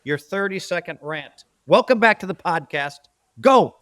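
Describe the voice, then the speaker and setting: Male podcast host, high-pitched, bantering rant delivery, dry recording. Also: expressive, normal speed, a bit bright, smooth, no echo. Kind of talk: casual sports betting podcast rant.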